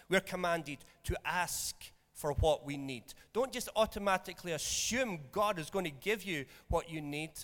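A man preaching in a relaxed, conversational way, with a slightly high voice. He keeps checking in with his listeners. The sound carries the long reverb of a church hall. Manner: conversational, jokey, checks in with "okay?". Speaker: pastor. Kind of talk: sermon.

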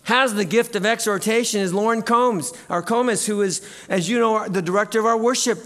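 A man preaching a sermon as pastor in a church, animated and at times shouting out cheers. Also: high-pitched, normal speed. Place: church sanctuary.

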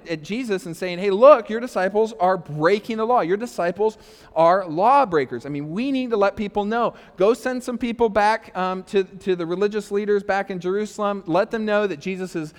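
Young male pastor, high voice, relaxed and joking, lots of ums, church hall reverb. Casual sermon. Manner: conversational, joking asides, frequent fillers.

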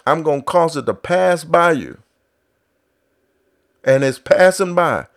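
A man preaching a sermon who starts low and quiet, then builds to loud exhortation with repeated refrains and acts out biblical voices. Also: lively intonation, slow.

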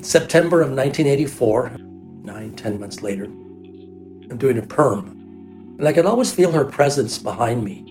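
An older man tells a personal story in a casual, run-on way. He is animated and often slips into the voices of the people he quotes. His pitch sits in an ordinary middle range, with faint music in the background. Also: moderate pace. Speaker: hairdresser telling a personal story.

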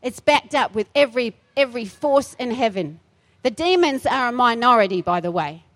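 A woman's voice: a little high, lively intonation, moderate pace, a bit bright. A middle-aged woman pastor delivering a feisty, emphatic sermon in a church, repeating her phrases for force.

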